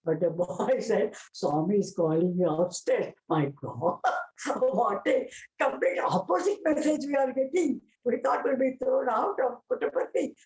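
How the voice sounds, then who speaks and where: A woman's voice: medium pitch, a little mellow. An older woman from India with a South Indian English accent, recounting devotional experiences in an emotional, vivid way. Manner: emotional, vivid retelling with many exclamations. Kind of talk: devotional storytelling talk. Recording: roomy echo.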